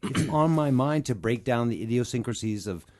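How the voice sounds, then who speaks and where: A man's voice: medium pitch, expressive, moderate pace, darkish tone. A man being interviewed as a guest voice actor, answering thoughtfully and reflectively about his craft.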